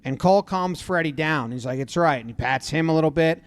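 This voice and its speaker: A man giving casual play-by-play commentary on a baseball brawl clip, acting out what the players shout. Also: fairly high pitch, a little fast, no room sound. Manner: animated, acts out players' lines in loud voices.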